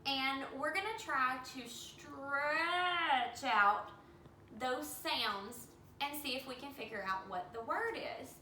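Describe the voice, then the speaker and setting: A woman teacher giving an early reading lesson to young children, slowly sounding out letters and words. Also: sits high, pushed and bright, a little hiss or hum. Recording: echoey room, mic at a distance.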